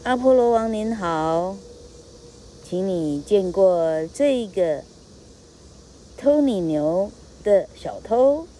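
A woman voicing an excitable male satyr leader who cries out eagerly, in a read-aloud myth. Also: mid-range voice, a little slow, a little hiss or hum, natural voice, poor audio. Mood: excited.

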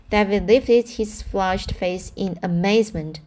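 A woman reading a classic novel aloud at a slow, deliberate pace and a middle pitch. She reads carefully, sometimes tripping over a word and going back to fix it. The tone is plain and steady. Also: slight background noise. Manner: careful reading with frequent slips and self-corrections. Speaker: audiobook reader.

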